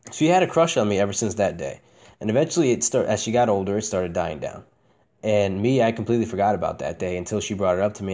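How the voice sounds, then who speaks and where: A young man hosting a casual podcast, talking candidly and profanely, swinging between a flat monotone and excited bursts. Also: on the low side. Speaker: podcast host.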